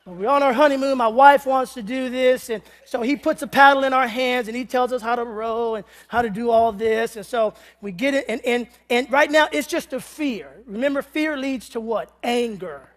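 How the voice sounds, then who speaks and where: A man preaching a humorous sermon, telling a comic story with animated delivery and sudden shouts. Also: very high voice, normal speed, hardly any pauses. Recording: long reverb of a large hall.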